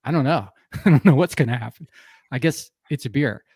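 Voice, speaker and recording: A man's voice: mid-range voice, fairly quick, a little mellow, breathy edge. A man hosting a podcast, chatting casually and laughing easily with his guest. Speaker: podcast host. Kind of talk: casual interview chat.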